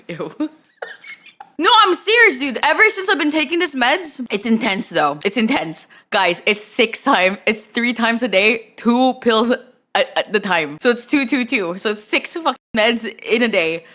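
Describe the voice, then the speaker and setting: Brief: young woman from the Philippines, lively streamer chatter, higher voice, very bright tone, rambling restarts. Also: unhurried. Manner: animated, swearing, rambling with frequent restarts. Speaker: streamer reacting to a video. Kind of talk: casual reaction chat.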